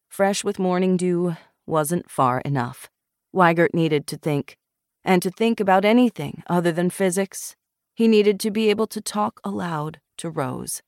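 A narrator reading a novel aloud in a measured, even manner, close to the microphone. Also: medium pitch, no room sound. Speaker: audiobook narrator. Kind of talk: scripted narration.

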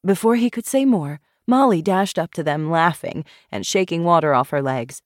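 A woman narrating an audiobook in a measured, expressive way. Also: on the low side, no room sound, studio quality.

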